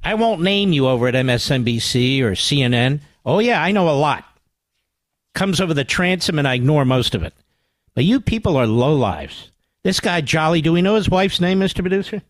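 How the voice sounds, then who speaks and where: A man's voice: lively intonation, fairly quick, no echo. Combative sarcastic talk radio man. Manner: swings from low growls to high exclamations. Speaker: radio talk show host. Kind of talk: political talk radio monologue. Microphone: studio microphone.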